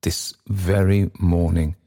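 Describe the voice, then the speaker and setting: A man's voice: low-pitched, flat delivery, takes it slowly, dark tone. A man doing a flustered secretary. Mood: agitated. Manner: flustered, urgent. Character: agitated male confidential secretary, nervous.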